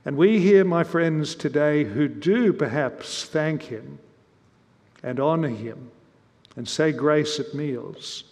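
A man's voice: on the high side, darkish tone. Earnest male preacher in a reverberant hall. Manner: earnest, measured preaching with rhetorical questions. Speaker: visiting preacher. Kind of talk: sermon. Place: church.

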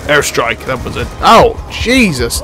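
A young man giving live commentary while playing a shooter, excitable and jokey, swearing and yelping when he gets hit. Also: mid-range voice, a little slow, faint music behind. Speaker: gaming channel host.

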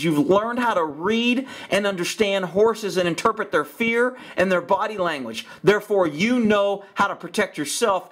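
In a high-sitting, fairly bright voice, a middle-aged horse trainer offers blunt, sarcastic commentary on a training video, repeating himself as he goes.

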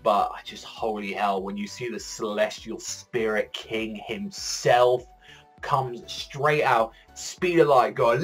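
A young man giving a casual, excitable anime episode review, rambling with lots of fillers and swearing. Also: lowish voice, slow pace, slightly rough, soft background music.

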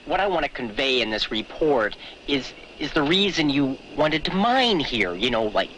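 An actor playing an earnest male writer who questions a miner for his book, eager and halting, restarting his questions. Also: mid-range voice, big pitch swings, natural voice. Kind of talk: film dialogue. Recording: noisy old film soundtrack.

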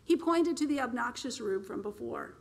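A woman author reads aloud from her own novel in a steady, expressive storyteller's manner. Her voice sits a touch high for a woman. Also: normal speed, vocal fry. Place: public library.

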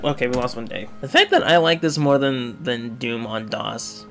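A young man giving casual, rambling commentary over a retro game, swinging from mumbling asides to loud excited outbursts. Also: mid-range voice, moderate pace, gravelly, faint music behind. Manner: rambling, excitable, yelps and laughs when the game goes wrong. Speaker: gaming video creator.

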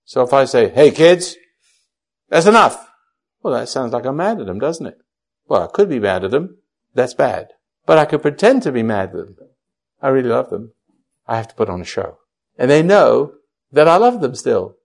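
A man's voice: mid-range voice, sing-song, fairly quick, vocal fry, darkish tone. An older man counseling a caller, blunt and teasing. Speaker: spiritual teacher answering a caller. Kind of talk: counseling on air.

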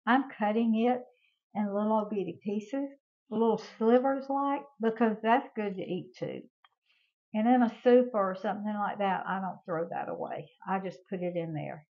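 Speaking at a moderate pace with a medium pitch, an older cooking-show host demonstrates home cooking in a warm, chatty style and addresses viewers as y'all. The recording sounds muffled.

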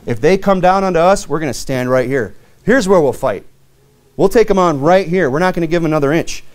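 A fairly quick, expressive male pastor gives a plainspoken, earnest sermon full of conversational fillers. On key verses of the King James scripture he reads aloud, his pitch rises.

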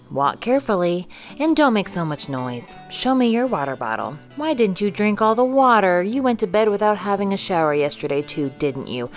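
A woman voicing a strict father who fires off brisk, nagging orders to his child. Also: mid-range voice, close to an everyday voice. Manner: brisk rapid-fire commands.

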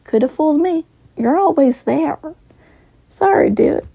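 A woman's voice: sits high, lively intonation, unhurried, creaky, mellow, no echo, pitched above the performer's own voice, exaggerated voice. A woman voicing a flippant, laid-back man who answers with breezy, offhand excuses.

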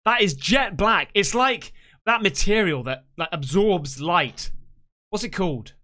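A man's voice: high voice, expressive, unhurried, sharp tone. A man reacting to a video, swearing and exclaiming in alarm. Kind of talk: casual reaction commentary.

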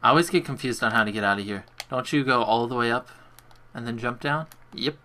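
A man's voice: medium pitch, a little fast, bright, forceful tone. A man chatting casually on a gaming livestream, rambling to himself as he plays and talking with a friend on a call. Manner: rambling, talks to himself while playing. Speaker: streamer.

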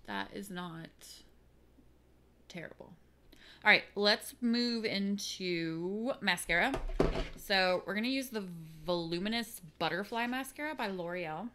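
A woman walks through her makeup routine in a relaxed, casual vlog, tossing in goofy mock-dramatic quips as she goes. Her voice sits on the lower side and swoops up and down with lots of expression. A faint hum of room ambience lingers behind her. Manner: playful, silly asides and mock-dramatic quips. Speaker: beauty vlogger.

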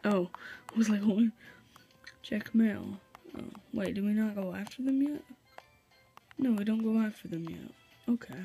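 A young man casually commentating as he plays a game, chatty and reading the on-screen text aloud. His voice has a gravelly, mellow tone, with faint game music underneath. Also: high-pitched, normal speed, pauses often. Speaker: gaming video host. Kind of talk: let's play commentary.

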